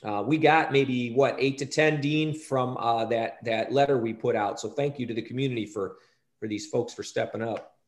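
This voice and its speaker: A man giving a school superintendent's report at a board meeting, halting and often restarting his sentences. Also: mid-range voice, steady tone, roomy sound.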